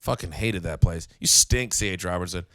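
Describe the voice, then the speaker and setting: A man's voice: sits low, moderate pace, sharp tone, no room sound, studio quality. A man co-hosting a podcast in casual chat, joking, swearing and acting out people he quotes. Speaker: podcast co-host.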